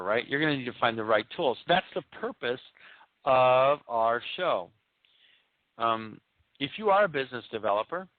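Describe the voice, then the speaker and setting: Animated man with a tinny phone-like sound. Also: mid-range voice, dry recording. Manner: emphatic, repetitive, rhetorical questions. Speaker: podcast host. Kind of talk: motivational business talk.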